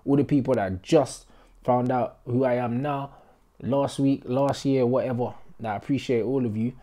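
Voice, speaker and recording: Slangy young man, mellow voice. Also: mid-range voice, moderate pace. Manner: excitable, slang-heavy banter. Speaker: football fan vlogger. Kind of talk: casual match reaction vlog. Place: indoor room in a flat being moved out of.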